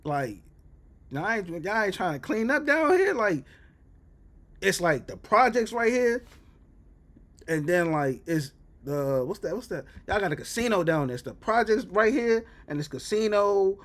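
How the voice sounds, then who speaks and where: Brief: man, streamer, high lively voice, loud exclaims, rambling street storytelling. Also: measured pace. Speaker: reaction streamer. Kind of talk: casual storytelling.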